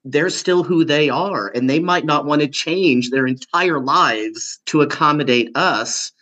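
A host speaking in a thoughtful, measured, articulate way during an interview. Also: male voice, on the high side, bright, forceful tone. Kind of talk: reflective interview talk.

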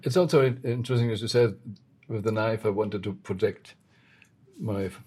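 A man's voice: lowish voice, moderate pace, dark tone, slightly rough. A man interviewing a guest in casual chat, encouraging him with short affirmations.

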